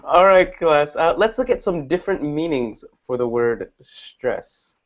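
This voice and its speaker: A man's voice: fairly high pitch, lively intonation, a little slow, lo-fi sound. A man teaching an English class, explaining patiently and repeating example words.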